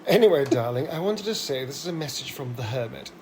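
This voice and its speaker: A man's voice: mid-range voice, animated, quick pace, crowd noise, close to an everyday voice. A man voicing a sardonic, theatrical male vampire elf who drawls and condescendingly calls everyone darling. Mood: mocking.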